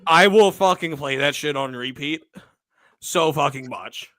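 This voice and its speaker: Man, podcast host, profane, combative, forceful tone, dry close sound. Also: fairly high pitch, a little slow, dry recording. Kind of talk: crude political podcast banter.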